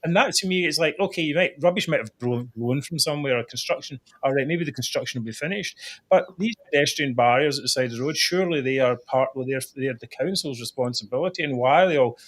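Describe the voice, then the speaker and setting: A man's voice: mid-range voice, fast talker, fairly bright tone. A man from Scotland hosting a political talk show, chatty and rambling as he asks questions. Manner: chatty, rambling, laughs easily. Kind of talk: casual political chat.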